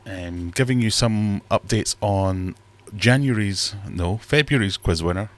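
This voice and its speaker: Man, very low voice, casual livestream host, rambling, reads chat aloud. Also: unhurried. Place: fish room at home.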